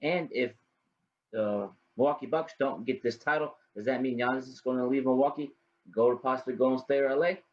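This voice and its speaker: A man's voice: medium pitch, steady tone, brisk. A young man hosting his own sports podcast, rambling casually, often repeating "you know what I mean" and greeting viewers by name. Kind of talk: casual solo sports talk. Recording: dull lo-fi home recording.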